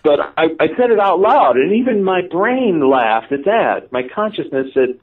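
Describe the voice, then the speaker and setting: A man tells his story with bouncing, expressive pitch and a wry, self-mocking edge, slipping into the voices of the people he quotes. He sounds thin and boxy through a phone line and sits a little away from the mic. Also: far from the mic. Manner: lively, self-mocking, quick asides, acts out dialogue. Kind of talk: animated personal storytelling.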